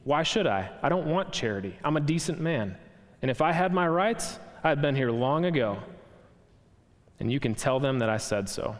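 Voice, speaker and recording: A man's voice: medium pitch, expressive, normal speed, natural voice. A man voicing a self-righteous, indignant ghost who insists on his rights, in a raised, blustering voice. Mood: aggrieved. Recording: long hall reverb.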